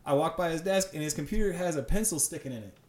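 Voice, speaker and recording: A man, a teacher and podcast guest, telling classroom stories in animated casual chat, full of "like" and restarts. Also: a little high. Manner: fast, animated storytelling with many fillers. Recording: echoey room.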